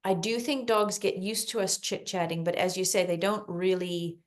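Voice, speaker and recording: Calm lower-voiced woman giving advice. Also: normal speed. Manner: calm, explanatory, repeats words for emphasis. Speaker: dog behavior consultant guest. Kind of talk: podcast interview advice.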